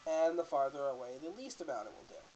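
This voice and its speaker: A man's voice: fairly high pitch, fast, lo-fi sound, background noise. Joking man doing let's play commentary. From Canada. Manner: casual, joking, self-correcting. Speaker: host.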